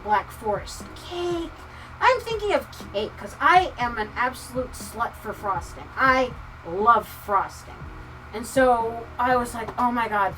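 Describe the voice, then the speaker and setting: A woman livestreamer chatting casually with viewers, ranting with profanity and swinging from muttering to near-shouting. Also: fairly high pitch, far from the mic, poor audio. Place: home craft room. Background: soft lofi music.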